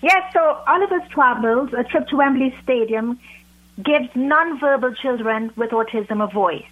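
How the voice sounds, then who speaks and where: Woman, British accent, from Trinidad and Tobago, guest author, tinny phone line, higher pitch. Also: animated, measured pace. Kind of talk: interview over a phone line.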